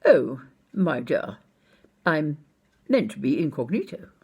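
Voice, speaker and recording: A woman's voice: deep voice, sing-song, takes it slowly, a little mellow, breathy edge, full character voice. A woman voicing a tall, posh male royal security officer who speaks genteelly and calls people "my dear". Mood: polite. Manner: genteel, courteous, fond of "my dear".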